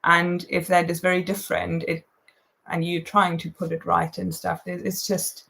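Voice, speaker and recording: A woman's voice: on the low side, completely flat delivery, normal speed, vocal fry, fairly bright tone. A woman chatting as a guest, thoughtful and hesitant, with a sarcastic streak. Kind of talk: casual chat.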